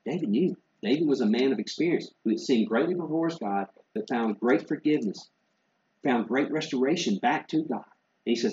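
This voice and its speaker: A man pastor preaching an earnest sermon, building to emphatic lists and dropping to quiet asides. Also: mid-range voice, fairly quick. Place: church sanctuary. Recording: roomy, slightly dull church sound.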